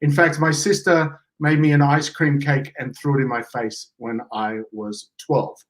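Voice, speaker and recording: A man co-hosting a casual livestream, cracking jokes and teasing his co-host. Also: measured pace. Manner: joking, playful, with lively pitch jumps.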